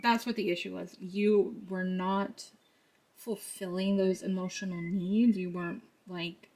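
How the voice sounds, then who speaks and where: A woman's voice: on the low side, steady tone, a little slow, a little mellow. A woman giving a casual tarot reading to camera, chatty and laughing often as she talks through the cards. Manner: chatty, laughs often, quotes others in put-on voices. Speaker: tarot card reader.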